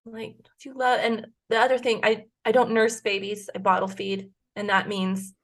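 A woman's voice: mid-range voice, level tone, normal speed. A woman in her forties telling a personal story as a podcast guest, earnest and emotional, with frequent restarts. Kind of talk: casual conversation.

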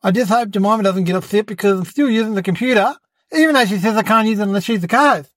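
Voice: mid-range voice, fast, no room sound, natural voice. An adult voicing a cheeky young boy who hosts his own podcast, rambling and fibbing, often calling people "mate". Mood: boastful. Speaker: podcast host. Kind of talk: comedic character monologue.

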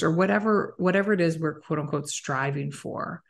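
A woman hosting a podcast who reflects back what her guest says and asks open questions in a relaxed way, with the odd swear word. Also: low-pitched, moderate pace, creaky, few pauses. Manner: reflective, sums up the guest's points, swears casually. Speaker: podcast host. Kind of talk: casual interview conversation.

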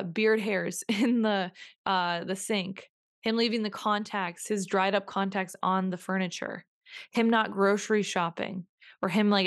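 A young adult woman hosting a solo podcast, talking earnestly and reflectively, repeating herself for emphasis with frequent restarts. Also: mid-range voice. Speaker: podcast host.

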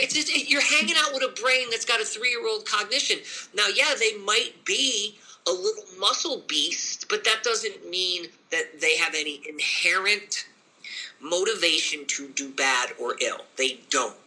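A man's voice: measured pace, rough recording. A dog trainer, a man, talking casually and emphatically about dog training. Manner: animated, emphatic, switches into high voices for quoted people. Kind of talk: casual podcast chat.

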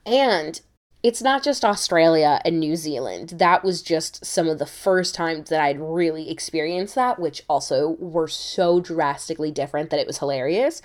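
A young American woman hosting a podcast, telling a travel story in an animated way with many quick restarts. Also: low-pitched. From United States. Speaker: podcast host. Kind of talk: casual storytelling.

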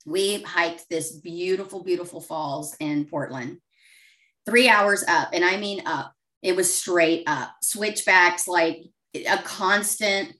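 A woman's voice: lowish voice, takes it slowly, sharp tone, far from the mic. A woman telling her coaching client story in an interview, open and emotional. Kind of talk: testimonial interview.

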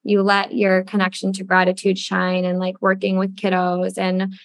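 A woman's voice: mid-range voice, completely flat delivery, moderate pace, no room sound. A young woman hosting a podcast, talking in an effusive, casual way, with lots of "like" and the odd swear word. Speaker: podcast host.

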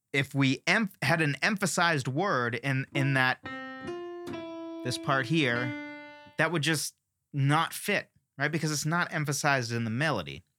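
Songwriting teacher, male, bright forceful voice, opinionated and ranty, dry close sound. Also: medium pitch, dry recording. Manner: opinionated, ranting, animated. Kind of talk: casual lesson on songwriting.

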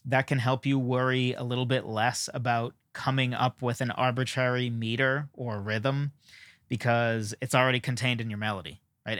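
A man's voice: mid-range voice, sharp tone, no room sound, studio quality. A man hosting a solo podcast, talking casually in a rambling way with frequent fillers and self-deprecating asides. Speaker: podcast host.

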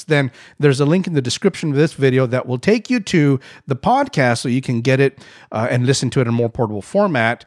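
A middle-aged man hosting a podcast, telling a personal story in a lively, self-mocking way. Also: mid-range voice, fast, no echo, studio quality. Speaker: podcast host. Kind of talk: storytelling monologue.

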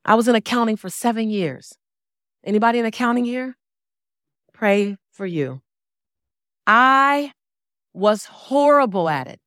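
A woman in her forties delivers a motivational speech from a stage, her voice sitting fairly high. She tells her story with theatrical flair, acts out the people she quotes, and hammers home phrases by repeating them. The sound is close and dry, with no room around it. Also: lively intonation, unhurried, pauses often, fairly bright tone, dry recording. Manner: dramatic storytelling, acting out quoted dialogue; emphatic, repeats key phrases. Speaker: motivational speaker. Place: stage before a live audience.

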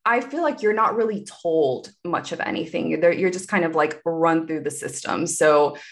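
Candid woman with a low-set voice. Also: normal speed, vocal fry. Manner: candid, meandering, many asides. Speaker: guest. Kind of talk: personal storytelling in conversation.

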